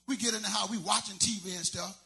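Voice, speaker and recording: Male stand-up, loose slangy storyteller, high piercing tone. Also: fairly even intonation, fast talker, creaky, sharp tone. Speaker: stand-up comedian. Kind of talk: stand-up comedy set.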